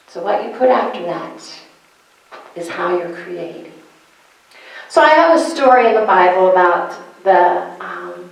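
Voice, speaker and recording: A woman minister teaches a congregation at a slow, deliberate pace. She stresses and repeats her key phrases and keeps asking her listeners questions. Her voice rings through a very echoey church hall. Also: medium pitch. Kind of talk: sermon-style lesson to a congregation. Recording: echoey room.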